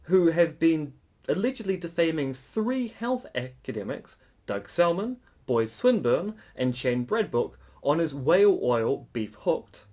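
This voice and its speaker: A man co-hosting a casual podcast, dry and sardonic, reading news items briskly. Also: fairly high pitch, very animated, a little mellow. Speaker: podcast co-host.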